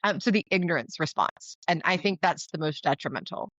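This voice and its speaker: A woman talking casually as a podcast guest, laughing often and acting out quoted people in a higher voice. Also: expressive, a little fast, fairly bright tone, no echo. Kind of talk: casual interview conversation. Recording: dull dry lo-fi sound.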